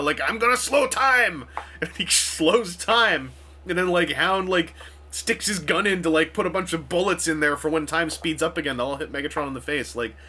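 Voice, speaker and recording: A man rambles to camera from home, his voice bright and a little tense as he stacks up fillers and false starts. He slips into dry, sarcastic asides while keeping a loose, offhand tone throughout. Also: mid-range voice. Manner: chatty, frequent fillers and restarts, sarcastic asides. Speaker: vlogger reviewing a film. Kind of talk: casual rambling talk to camera.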